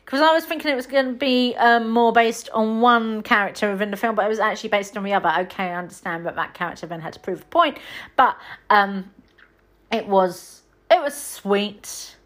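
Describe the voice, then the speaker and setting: A woman's voice: mid-range voice, fairly quick, fairly bright tone. A woman hosting a podcast, chatting casually and rambling through film reviews with lots of ums. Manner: chatty, rambling, frequent ums and self-corrections. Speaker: podcast host.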